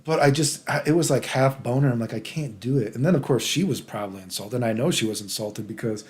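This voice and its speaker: A man of middle pitch tells a story in a loose, casual vlog. He rambles and talks crudely, restarting his sentences and tagging them with "dude" and "right?". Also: fast talker, a little mellow.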